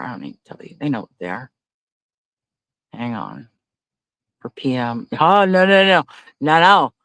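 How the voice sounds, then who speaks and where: A man hosting a casual livestream, reading viewer comments aloud. He talks in a blunt, profane rant and breaks into loud, high-pitched disbelief. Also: dry recording. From Canada. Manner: loudly incredulous, rises to high exclaims. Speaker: livestream host.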